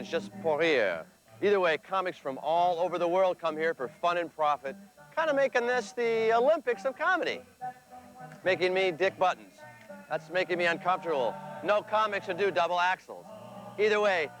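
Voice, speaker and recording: Male host, joking promo patter, slightly high voice, music underneath. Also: lively intonation, brisk, a bit bright, rough recording. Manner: wisecracking, playful. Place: on location at a festival.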